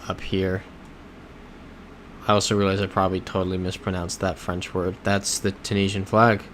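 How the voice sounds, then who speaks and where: A man hosting a casual livestream who reads viewer comments aloud and reacts to them in a laid-back way, with soft chuckles. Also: low voice, slight background noise. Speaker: livestream host. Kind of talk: casual livestream chat while playing a geography game.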